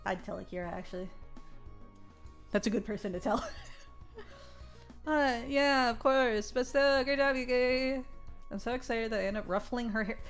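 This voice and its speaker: A woman streamer reading a visual novel aloud in a soft narrating voice, then breaking into loud, giggly reactions to her chat. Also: on the high side, moderate pace, pauses often, faint music behind.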